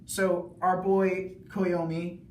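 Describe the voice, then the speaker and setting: A young male student rambling through a casual plot recap, full of "like"s, now and then yelling. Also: high-pitched, little pitch movement, drawn-out words, a little hiss or hum. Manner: rambling, many "like"s, bursts of yelling. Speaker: student video reviewer. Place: bathroom. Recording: echoey bathroom, mic far off.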